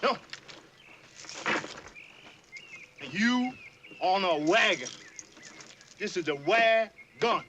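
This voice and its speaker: A man's voice: high-pitched, normal speed, sharp tone, muffled recording, slight background noise. An actor with a Southern accent playing an older enslaved fiddler who fawns over his master and scolds a newcomer in a drawling dialect. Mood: scolding. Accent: American Southern. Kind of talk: period film drama.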